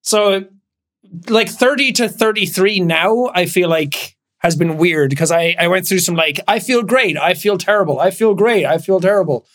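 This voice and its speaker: A man's voice: high-pitched, normal speed, a bit bright. A man in his thirties co-hosting a podcast, joking and laughing often in casual chat. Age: 30s. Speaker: podcast co-host.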